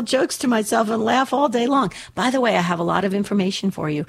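A middle-aged woman hosting a call-in radio show, chatty and quick to laugh at jokes. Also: a little high, vocal fry, slightly rough. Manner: chatty, laughs easily at her own jokes. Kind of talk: casual call-in radio talk.

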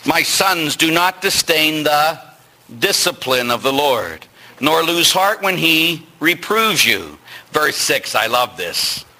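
A Catholic priest giving a sermon, animated and joking, often putting questions to his listeners. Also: a little high, slow pace, slight background noise.

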